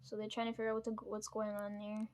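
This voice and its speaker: A woman's voice: mid-range voice, completely flat delivery, quick pace, darkish tone, a little hiss or hum. A young woman vlogger telling a family story in a casual, venting way, swearing often and filling with "like". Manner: venting, swears a lot, many fillers.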